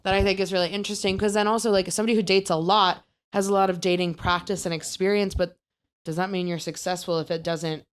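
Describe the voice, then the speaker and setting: A woman's voice: lowish voice, steady tone, fast talker, clear, resonant tone. A young woman with a Wisconsin accent, co-hosting a podcast in casual chat, rambling with many fillers and restarts. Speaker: podcast co-host.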